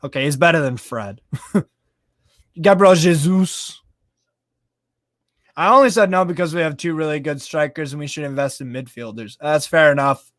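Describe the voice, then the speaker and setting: A man hosting a casual live football stream. He reads out viewer comments in a chatty, excitable way, swears casually and laughs often. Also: fairly high pitch, normal speed, long pauses, no echo, studio quality. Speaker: live stream host reading fan chat.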